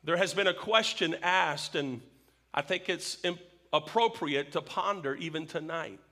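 A man preaching an evening sermon in a high voice, each point laid down slowly. He is emphatic and repeats his questions for effect, leaning on key words. The tone stays bright and clear throughout. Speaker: pastor.

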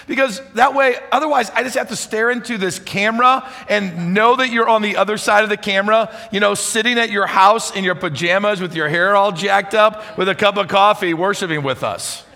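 A man preaching a sermon as pastor, chatty and energetic, speaking to a congregation. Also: high-pitched, moderate pace, vocal fry, few pauses. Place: church hall with audience. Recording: reverberant church hall.

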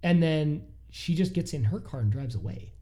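A man's voice: on the high side, animated, moderate pace, dark tone. A man co-hosting a casual podcast, retelling listener stories with incredulous animation. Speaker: podcast co-host.

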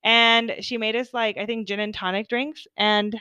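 A woman's voice: fairly high pitch, steady tone, moderate pace, sharp tone, clear, resonant tone, dry recording, highs cut off. A young woman telling a long, rambling story in casual chat, giggly and full of fillers like "like" and "oh my God.". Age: young adult.

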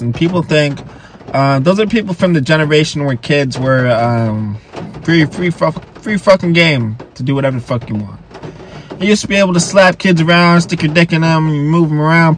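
A man's voice: a little high, a little hiss or hum. A man hosting a solo comedy podcast, reading posts aloud and ranting at them with heavy profanity, sounding tired. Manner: profane ranting and yelling at the stories. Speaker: podcast host.

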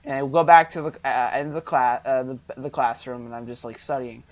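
A man's voice: mid-range voice, brisk. A young man co-hosting a podcast, telling a story in casual chat and acting out the dialogue. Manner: animated storyteller, acts out dialogue. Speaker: podcast co-host. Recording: dull lo-fi podcast audio.

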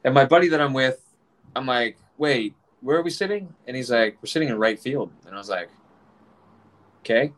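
A man in his forties telling a casual story, animated, swearing freely and acting out other people's voices. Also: mid-range voice, normal speed.

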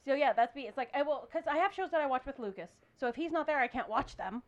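A woman chatting casually in a group podcast, excitable and rambling, full of fillers. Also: high voice, fast, highs cut off. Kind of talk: casual chat.

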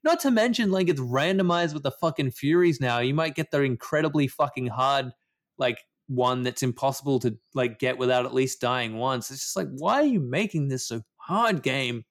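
A man's voice: medium pitch, lively intonation, normal speed. A man ranting about a video game in casual chat, swearing often. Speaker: podcast co-host.

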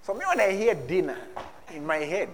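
A man's voice: high voice, very animated, normal speed, a little hiss or hum. A man preaching a sermon, reading scripture dramatically and slipping in humorous asides. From Zambia. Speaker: pastor.

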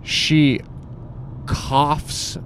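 A man's voice: on the high side, completely flat delivery, drawn-out words, fairly bright tone, a little hiss or hum. Young man telling a crude story, rambling. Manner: rambling, filler-heavy, says "like" and "bro" constantly.

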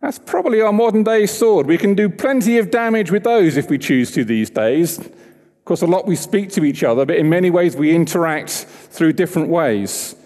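Male preacher, mellow tone, conversational and engaging, long church echo. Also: on the high side, expressive, moderate pace. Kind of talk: sermon.

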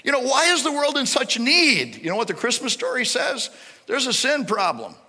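A male pastor preaching a sermon with animated, rising and falling emphasis. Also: extremely high pitch, moderate pace, husky. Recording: reverberant hall.

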